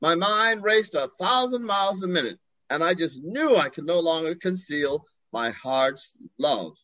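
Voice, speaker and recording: An older man tells a story with theatrical expression, his voice fairly high and swinging widely in pitch. He speaks over a video call from his porch. The sound is dry and a little dull. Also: animated, measured pace, sharp tone, dry recording. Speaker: guest. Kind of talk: storytelling in an interview. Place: home porch.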